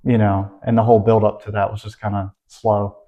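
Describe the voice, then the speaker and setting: A man's voice: lowish voice, flat delivery, a little fast, mellow. A man chatting casually as a podcast co-host, easygoing and brief in his replies. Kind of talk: casual chat.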